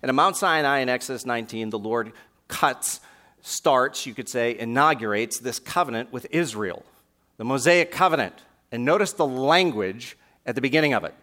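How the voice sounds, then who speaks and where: A man preaching in a church with a bright, forceful voice. He reads scripture slowly, and he leans hard on the lines he wants to stress. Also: mid-range voice, expressive. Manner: preaching with dramatic slow emphasis on scripture lines. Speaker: pastor. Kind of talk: sermon. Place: warm church sanctuary.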